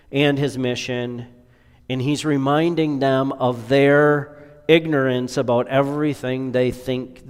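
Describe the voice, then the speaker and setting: Pastor preaching in a reverberant hall. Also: male voice, mid-range voice, a little mellow, smooth. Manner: rhetorical questions, rising to emphatic peaks then dropping to near-whispers. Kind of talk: sermon.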